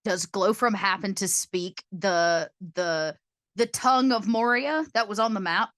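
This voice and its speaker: A woman's voice: medium pitch, unhurried, fairly bright tone, no echo, clean studio sound. A woman playing a dwarf in a tabletop game, asking the game master questions. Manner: curious, asks questions. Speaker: player. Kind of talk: tabletop role-play.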